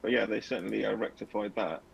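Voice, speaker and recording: A man on a group call, dropping dry, opinionated remarks. His voice sits low and gravelly, with faint noise behind him. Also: steady tone, fast. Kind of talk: casual chat.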